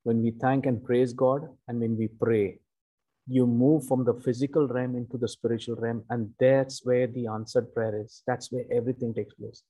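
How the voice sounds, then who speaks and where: A man with a mellow, somewhat husky voice delivers a sermon. He teaches slowly and emphatically, stopping to repeat points and check in with his listeners. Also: medium pitch, flat delivery. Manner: slow, emphatic teaching with repeated "okay" and "you know". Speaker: preacher.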